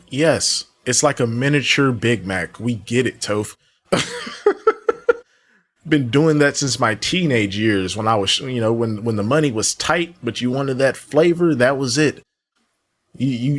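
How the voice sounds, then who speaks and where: A man hosting a reaction commentary show, talking in a casual, slangy way that turns exasperated and mocking. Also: medium pitch. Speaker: commentary channel host.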